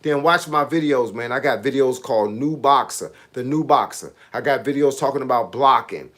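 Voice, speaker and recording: A man in his late fifties, a boxing coach hosting a casual livestream, reading comments and giving animated, preachy advice in street slang. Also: medium pitch, moderate pace. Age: 50s.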